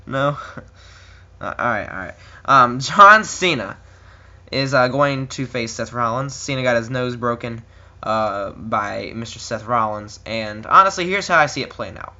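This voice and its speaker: A man's voice: medium pitch, expressive, a little slow, pushed and bright, highs cut off. A young man casually giving wrestling predictions on his own, rambling with lots of ums and uhs and little chuckles. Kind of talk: casual solo commentary.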